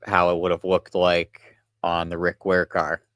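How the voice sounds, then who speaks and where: A young man chatting casually to his livestream viewers while he works, relaxed and rambling. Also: low-pitched, unhurried, no echo, clean studio sound. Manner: relaxed, rambling, talks to chat while working.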